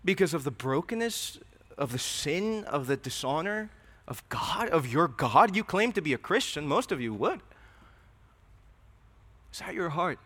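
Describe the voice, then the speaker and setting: A man's voice: a little high, big pitch swings, a little slow, pauses often, sharp tone. A man preaching a sermon, earnest and questioning, often repeating his words. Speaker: pastor. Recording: reverberant hall.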